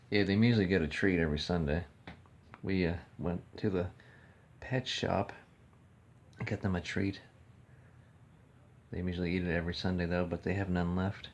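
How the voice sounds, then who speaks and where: A man's voice: low-pitched, a little mellow. A man filming a casual home vlog on his phone, rambling and correcting himself as he talks and coos to his birds. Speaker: pet owner vlogger. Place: home room. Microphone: phone camera. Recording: dull lo-fi phone audio.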